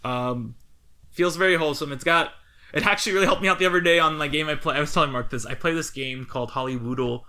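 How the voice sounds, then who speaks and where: A man's voice: on the high side, quick pace, pushed and bright, clean tone. A man co-hosting a casual podcast, rambling through opinions and laughing often. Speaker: podcast co-host.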